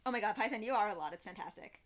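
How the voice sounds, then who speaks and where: A young woman streaming live, chatting in a rambling, expressive way to her viewers. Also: mid-range voice, rapid-fire. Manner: chatty, rambling and expressive, with laughs and quoted voices. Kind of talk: casual live-stream chat.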